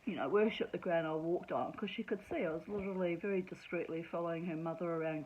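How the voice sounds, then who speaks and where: A woman's voice: lowish voice, quick pace, hardly any pauses, lo-fi sound, slight background noise. Chatty woman telling a story, laughing. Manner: chatty, laughs often, sarcastic asides. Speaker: vlogger. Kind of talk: casual storytelling monologue.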